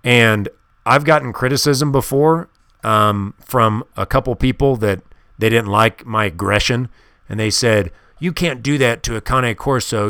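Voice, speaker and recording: This podcast host is a man with a mid-range, slightly bright voice who talks through dog-training tips in an insistent, emphatic monologue. The recording has no echo and studio-grade clarity, and the tone stays casual.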